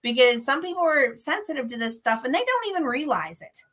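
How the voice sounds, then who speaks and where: A woman with a bright, fairly high voice tells a spooky story. She is animated and laughs easily, and she acts out the people in her story. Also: fairly quick, low-quality recording. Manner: lively, laughs often, acts out others' lines. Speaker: paranormal investigator guest.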